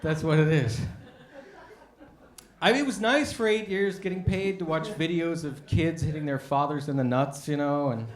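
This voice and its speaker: American male stand-up comic, a touch high-voiced, chatty storyteller who does voices, echoey room. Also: normal speed. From United States. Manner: conversational storytelling with acted-out voices. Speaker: stand-up comedian. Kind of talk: stand-up comedy set. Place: café stage with a live audience. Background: audience laughter.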